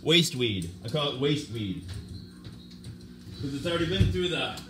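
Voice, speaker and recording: Livestream host, male, bright edgy voice, stammering and earnest. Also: medium pitch, sing-song, faint music behind. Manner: halting, stammering, restarts sentences; earnest, defensive. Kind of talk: unscripted livestream talk.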